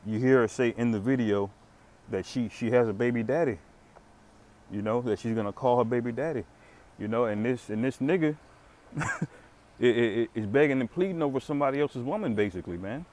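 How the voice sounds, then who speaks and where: A man's voice: medium pitch, brisk, darkish tone. A man hosting a casual religious commentary video, rambling with many fillers and restarts and chuckling now and then. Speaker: commentary channel host.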